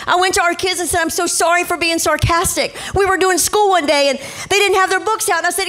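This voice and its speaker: Woman pastor, high voice, middle-aged, animated storytelling sermon. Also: quick pace. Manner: animated storytelling, acts out quotes. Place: church stage.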